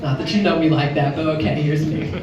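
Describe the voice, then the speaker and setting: A woman's voice: fairly even intonation, quick pace, lo-fi sound. A woman in her fifties from Chicago doing a brash stand-up set and acting out voices. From Chicago, Illinois. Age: 50s. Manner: brash, acts out voices with big pitch jumps. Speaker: stand-up comedian. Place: comedy club stage. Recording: echoey club from far off, faint noise. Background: audience laughter.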